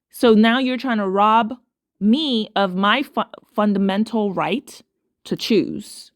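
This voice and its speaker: A woman's voice: medium pitch, slow, no room sound, studio quality. A woman hosting casual commentary to her viewers, talking emphatically and repeating phrases for stress. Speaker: commentary host.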